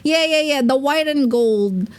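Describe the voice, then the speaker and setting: A young woman streaming as a VTuber in loose, rambling chat. Her voice sits a little high and she takes her time, drifting between thoughts with plenty of "like" and quick giggles. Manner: rambling, giggly, full of fillers. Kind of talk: casual livestream chat.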